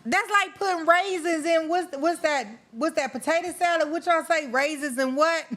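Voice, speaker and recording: A woman's voice: extremely high pitch, moderate pace, hardly any pauses, a bit bright. A middle-aged woman hosting a livestream, chatting casually with her viewers, reading out and answering their comments by name and often breaking into laughter. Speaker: livestream host. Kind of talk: casual chat with live viewers.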